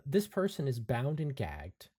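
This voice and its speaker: A man narrating as game master of a tabletop role-playing game, describing scenes in a relaxed way with fillers. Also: medium pitch, unhurried, slightly rough.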